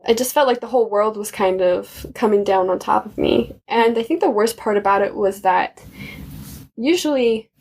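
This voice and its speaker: A woman's voice: medium pitch, moderate pace, darkish tone. A young woman, a podcast guest, telling personal faith stories in casual chat and laughing often.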